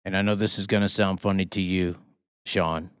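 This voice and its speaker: A man's voice: sits low, fairly even intonation, moderate pace, clean tone, no room sound, studio quality. A man hosting a live talk show, ranting heatedly with constant swearing and rhetorical questions. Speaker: host. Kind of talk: profane live-stream rant.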